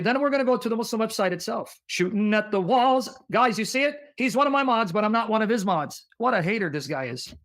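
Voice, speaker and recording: A man with a high-pitched voice hosts a heated debate livestream. He reads passages aloud forcefully, combative and insistent, pressing his guest with questions. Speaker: livestream host.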